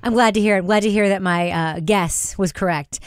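A woman hosting a podcast discussion, talking in a chatty, quick way and laughing often. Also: medium pitch, dry recording, clean studio sound. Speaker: podcast host.

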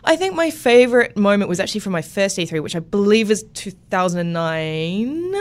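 A woman co-hosting a podcast, telling stories in a lively, chatty way. Her voice sits at a middle pitch for a woman. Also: brisk. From Australia. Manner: animated storyteller, lively and chatty. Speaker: podcast co-host. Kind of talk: casual podcast chat.

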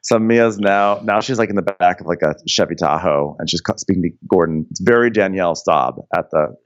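A man's voice: low voice, brisk, dry recording, dull audio. A man co-hosting a podcast, recapping a reality show in gossipy casual chat with dramatic impressions. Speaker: podcast co-host.

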